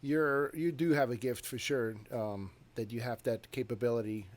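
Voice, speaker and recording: A man hosting an interview, talking casually and encouragingly, with hesitant pauses and fillers. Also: mid-range voice, steady tone. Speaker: interview host.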